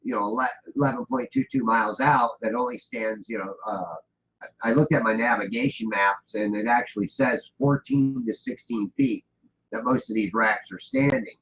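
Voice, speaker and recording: A man's voice: fairly low pitch, lively intonation, moderate pace, fairly bright tone. Rambling man on a dull, lo-fi line. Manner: rambling, with frequent restarts and fillers. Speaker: guest telling a story. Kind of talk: casual storytelling. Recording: dull lo-fi audio with faint noise.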